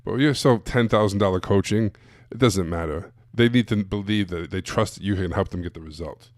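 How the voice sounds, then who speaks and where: A low-voiced man speaking fairly quickly coaches other coaches through running sales calls during a live stream. His approach is blunt and direct, full of rhetorical questions, and the audio is dry and close with no room sound.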